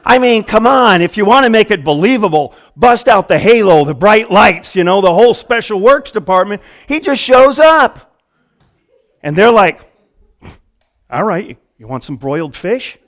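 A pastor preaching a lively, conversational sermon full of quick asides, in a church. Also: male voice, high-pitched.

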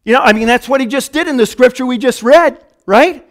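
Man, pastor, high voice, chatty sermon with quick asides, church. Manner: lively, conversational preaching with quick asides and put-on quotes.

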